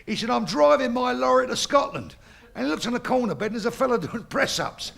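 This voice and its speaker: A boisterous Cockney comedian tells crude pub jokes and laughs at his own punchlines. His voice is high and gravelly, swinging widely in pitch. It sounds bright and forceful. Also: big pitch swings, quick pace. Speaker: stand-up comedian. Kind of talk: bawdy stand-up joke telling.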